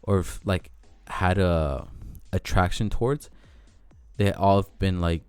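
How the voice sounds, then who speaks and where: Low-voiced young man, rambling vlog chat. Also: slow, darkish tone, clean tone, no echo, faint music behind. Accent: Mexican American. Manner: rambling, self-interrupting, swears casually. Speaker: vlogger. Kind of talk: casual rambling monologue.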